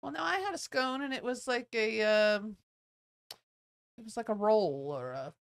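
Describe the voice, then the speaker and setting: A woman's voice: fairly high pitch, lively intonation, moderate pace, creaky, clear, resonant tone. A woman co-hosting a casual live stream, chatting and reading out viewer comments. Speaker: co-host.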